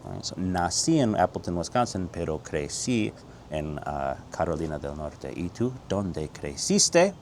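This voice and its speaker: A middle-aged American man giving an upbeat, casual Spanish lesson. He moves quickly between English explanations and slow, drilled Spanish phrases. His voice sits low, with a faint hum of ambience behind him. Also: sing-song, a little mellow. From United States. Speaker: Spanish teacher.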